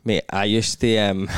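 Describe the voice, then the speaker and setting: A man's voice: on the low side, clear, resonant tone. A young man with a Glaswegian Scottish accent, joking and teasing in casual podcast chat. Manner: animated, teasing banter. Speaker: podcast co-host.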